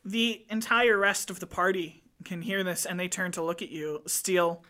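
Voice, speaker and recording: A woman's voice: on the low side, normal speed, a bit bright. A woman narrating and running a murder-mystery tabletop game. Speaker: game master.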